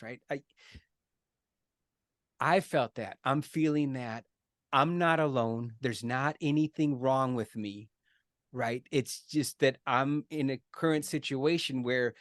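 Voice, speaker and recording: A man's voice: mid-range voice, measured pace, no echo, studio quality. A middle-aged man giving an earnest, conversational explanation as a podcast guest, often checking in with "right?" and restarting his words.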